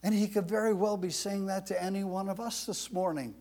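A man's voice: high-pitched, steady tone, brisk, darkish tone. A man preaching a sermon, reading scripture aloud and repeating phrases for emphasis. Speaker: pastor.

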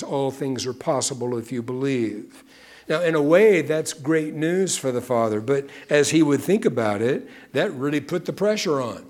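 A man's voice: medium pitch, darkish tone. A man preaching a sermon in an earnest way, often dropping to a near-whisper on key phrases. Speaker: pastor.

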